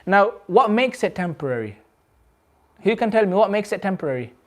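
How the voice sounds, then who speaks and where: A man with a notably high voice leads a recitation class in a community centre. He explains each rule slowly and patiently, repeats himself, and checks understanding with questions to the room. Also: sing-song. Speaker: Quran recitation teacher. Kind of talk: classroom teaching.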